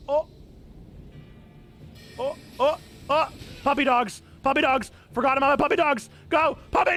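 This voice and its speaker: A man giving live commentary while he plays a video game on stream, excitable and quick to break into shouts at what happens in the game. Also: very high-pitched. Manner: excitable, bursts into shouting over game events. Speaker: church gaming streamer.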